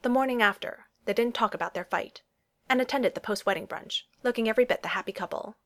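A woman's voice: fairly high pitch, fast talker. Woman narrating a romance audiobook.

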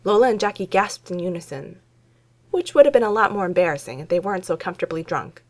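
A woman reading fan fiction aloud in a wry, relaxed storytelling manner. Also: on the low side, a little fast. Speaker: reader.

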